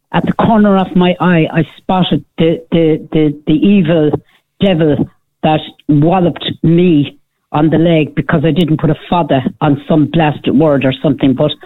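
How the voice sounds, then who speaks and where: Older Irish woman on a tinny phone line. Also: sits low. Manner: animated storyteller, sarcastic, acts out quoted speech. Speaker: caller. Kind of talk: radio phone-in chat.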